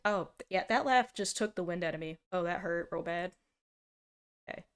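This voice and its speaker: A young woman in her twenties streaming a casual reaction, talking in an animated and sarcastic way and laughing often. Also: lowish voice, moderate pace, smooth.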